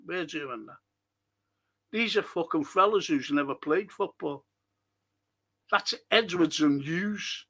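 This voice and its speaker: A man hosts a fan stream, reading viewer comments aloud and answering them bluntly. His voice sits high for a man, gravelly and bright. He talks slowly and swears a lot when he is fed up. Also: expressive. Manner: blunt, exasperated, swears often. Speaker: host of a fan live stream.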